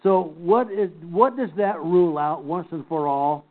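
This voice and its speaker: An older man teaching a Bible class, slowly and emphatically picking apart scripture word by word. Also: a little high, animated. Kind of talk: Bible study lecture. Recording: tinny phone-like recording.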